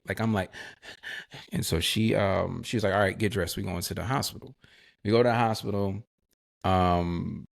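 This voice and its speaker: Man, podcast co-host, low voice, gravelly, casual slang, animated storytelling. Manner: animated storyteller, acts out quoted dialogue. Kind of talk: storytelling in a live podcast chat.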